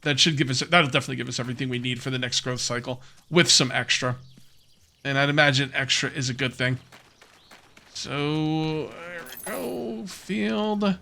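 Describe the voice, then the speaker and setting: A man's voice: mid-range voice, steady tone, normal speed, vocal fry. A man casually commenting while playing a survival game, rambling and questioning himself, with hiccups. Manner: musing, rambling, self-questioning with soft laughs. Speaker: gameplay let's player.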